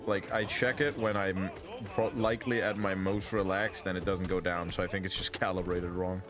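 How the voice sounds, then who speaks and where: A man's voice: sits low, little pitch movement, normal speed, music in the background. A man hosting a gaming session, chatting casually with dry, joking banter while he plays. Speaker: gaming channel host.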